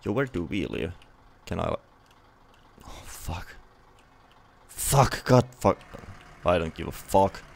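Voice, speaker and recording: A young man with a Finnish accent doing let's play commentary, excitable and swearing often at the game. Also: low voice, measured pace, gravelly. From Finland. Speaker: gaming youtuber.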